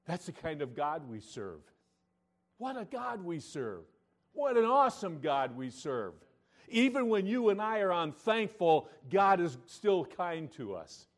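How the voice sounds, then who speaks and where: A pastor preaching a sermon, reading scripture aloud and moving between loud emphatic lines and quiet, intimate asides. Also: male voice, high-pitched, very animated, a little slow. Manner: reads scripture in King James wording.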